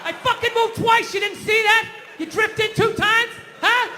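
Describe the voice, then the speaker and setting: A man impersonating a furious, indignant New York tough guy who shouts at a stranger on the street. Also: very high-pitched, a little slow, slight background noise, voice pushed up, full character voice.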